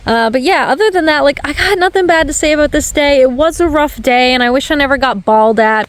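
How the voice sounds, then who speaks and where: A woman's voice: high voice, rough recording. A woman telling a casual, rambling story for her vlog, full of fillers and self-corrections, recorded by a dirt road. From Newfoundland. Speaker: vlogger. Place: parked car by a dirt logging road, outdoors.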